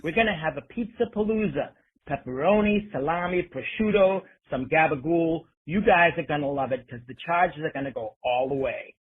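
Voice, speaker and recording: A man voicing a loud, brash Boston sports fan with a Boston accent, played like a phone voicemail. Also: fairly high pitch, fairly quick, breathy edge, phone-quality sound. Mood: boisterous.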